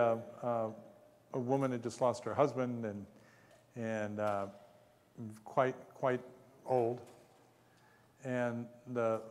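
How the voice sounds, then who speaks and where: A man's voice: medium pitch, a little mellow, long reverb tail. A man giving a conference lecture, rambling between asides and chuckling at his own stories. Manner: rambling, chuckles often, self-deprecating.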